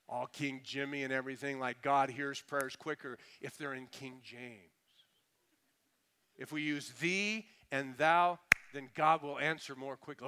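A man's voice: a little high, unhurried, bright, forceful tone, clear, resonant tone. A man preaching a sermon in a conversational, humorous way, mocking pompous prayer voices before turning earnest. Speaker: pastor.

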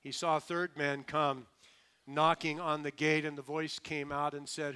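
Bright, clear-voiced male preacher. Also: level tone, moderate pace. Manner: rising to emphatic peaks, then dropping to hushed low lines. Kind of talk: sermon.

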